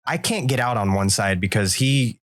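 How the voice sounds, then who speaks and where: A man's voice: medium pitch, normal speed, no room sound. A man co-hosting a podcast, telling a story casually and acting out the voices in it. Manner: animated, acts out voices in his stories. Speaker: podcast co-host.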